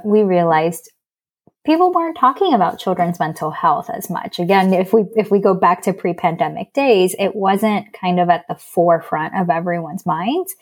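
A woman in her thirties, a psychologist, explaining in an earnest, measured way and often restarting her words. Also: lowish voice, a little mellow. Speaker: child psychologist guest. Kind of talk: explanatory interview talk.

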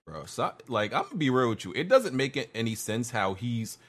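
A man's voice: mid-range voice, sing-song, a little fast. A man co-hosting a casual gaming podcast, talking in a laid-back way with lots of fillers. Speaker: podcast co-host.

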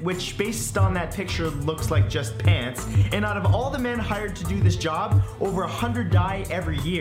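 A man's voice: high-pitched, voice pushed up. A man voicing a brash male presenter with a put-on Caribbean accent, cracking jokes and pushing for laughs. The recording is roomy, with music playing behind. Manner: joking, wisecracking, pushes for laughs.

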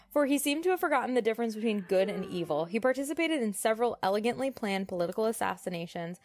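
Her voice is a little high, expressive and slightly mellow; she co-hosts a podcast that blends laid-back talk with reading a novel aloud. Breaking off often to joke and laugh, she also pauses on fillers.

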